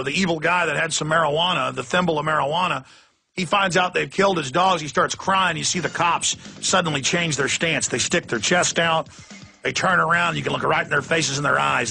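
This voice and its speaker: Gravelly ranting radio host man. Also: fairly high pitch, sharp tone. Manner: ranting, emphatic, acts out quoted voices. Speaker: radio talk show host. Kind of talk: impassioned radio monologue.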